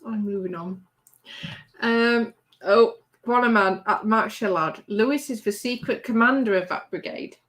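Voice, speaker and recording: A woman's voice: on the high side, measured pace, a bit bright, rough recording. A woman with a Yorkshire accent chatting casually as a livestream co-host and reading out viewer comments.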